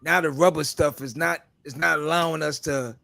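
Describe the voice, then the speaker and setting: A man co-hosting a barbershop podcast, telling animated stories in casual chat. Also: fairly high pitch, normal speed, vocal fry, noisy background. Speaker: podcast co-host.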